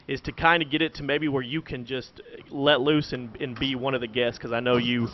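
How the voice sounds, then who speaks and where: A man's voice: medium pitch, fairly even intonation, a little fast, a little hiss or hum. A man hosting a podcast, rambling and laughing often. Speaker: host. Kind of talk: casual podcast chat. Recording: dull lo-fi voice call audio.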